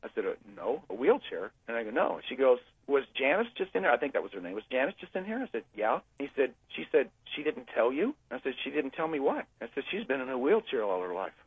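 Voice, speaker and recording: A man's voice: mid-range voice, very animated, fast talker, hardly any pauses, breathy edge, dry recording. A man from the United States talking with many fillers and restarts as he tells a long story to a host, heard over a phone line. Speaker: guest speaker. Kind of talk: conversational storytelling.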